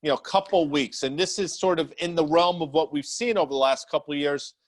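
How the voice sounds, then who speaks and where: A man's voice: on the high side, brisk. A man co-hosting a finance show, talking in a chatty, good-humored way. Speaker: co-host. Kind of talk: casual banter on a finance show.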